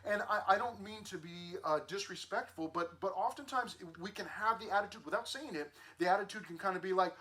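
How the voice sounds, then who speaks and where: A man's voice: high voice, fairly quick, few pauses, sharp tone. A man teaching a youth group through a Bible passage in a casual, conversational way, with many fillers and restarts. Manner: conversational, many fillers and restarts, acts out social media voices.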